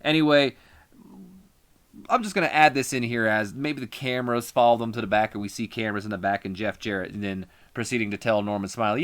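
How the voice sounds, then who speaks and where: A man's voice: lowish voice, steady tone, a little fast, fairly bright tone, dry recording. A man casually narrating a wrestling management game, chatty with rambling asides. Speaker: gaming video host. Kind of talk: casual game playthrough commentary.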